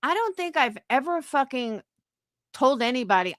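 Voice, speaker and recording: A fired-up woman host talks on her livestream. Her voice is bright and swoops up and down a lot. She swears freely and defends herself, and the sound is dry. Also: on the high side, big pitch swings, normal speed, no room sound. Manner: profane, defensive, angry. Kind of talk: heated casual chat.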